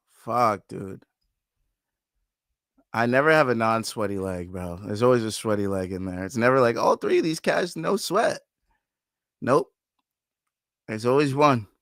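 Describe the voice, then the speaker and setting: A man hosts a live fight watch-along, swearing freely and pleading with the fighters on screen. His voice is bright and crisp, and it leaps high when he gets excited. The sound is close and dry. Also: dry recording. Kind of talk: live fan commentary while watching and betting.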